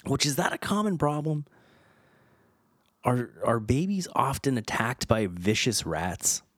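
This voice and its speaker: Slow-talking, wry man reading trivia. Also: medium pitch, big pitch swings, dry recording, clean studio sound. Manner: wry, chatty, stumbles over names. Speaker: podcast host. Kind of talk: casual commentary reading film trivia.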